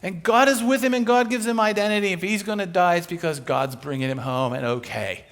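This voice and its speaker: A guest speaker preaches a sermon, telling a story in a conversational, humorous way and acting out characters in quick asides. His voice sits high and is creaky and a bit bright.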